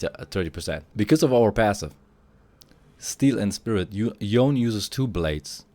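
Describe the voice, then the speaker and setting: A man's voice: fairly low pitch, dry recording. Slightly sick man explaining a game build. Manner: explanatory, hypes up items, reads stats aloud. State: a little sick, coughing. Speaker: game guide creator. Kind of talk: gameplay guide commentary.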